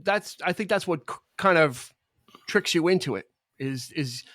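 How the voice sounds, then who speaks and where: A man's voice: a little high, expressive, normal speed, fairly bright tone, dry recording, studio quality. A man co-hosting a film podcast, talking casually with many restarts and quoting lines. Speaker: podcast co-host.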